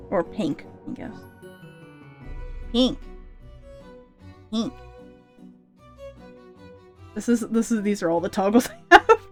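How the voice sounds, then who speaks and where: Young adult woman, casual livestream chatter, rambling delivery, mid-range voice over soft background music. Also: mid-range voice, unhurried, pauses often. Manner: rambling and chatty, with many fillers and restarts. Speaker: streamer debuting a vampire persona.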